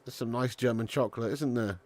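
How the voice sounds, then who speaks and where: A streamer hosts a live football watch-along, casual and chatty, swearing freely and calling viewers "lad" while reading the chat. His mid-range voice is brisk and a little mellow.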